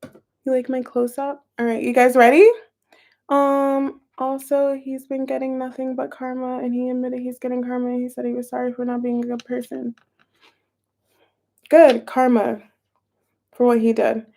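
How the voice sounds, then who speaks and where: A woman's voice: high voice, monotone, moderate pace, creaky, warm tone. A young woman streaming a casual tarot reading from home on a close-up phone camera, chatting to viewers and thinking aloud over the cards. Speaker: tarot reader streaming live.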